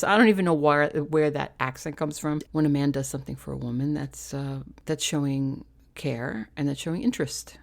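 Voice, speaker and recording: A woman's voice: low-pitched, creaky, darkish tone. A woman chatting to camera with opinionated dating advice, counting off a numbered list. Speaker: vlogger giving dating advice. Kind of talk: casual talk to camera.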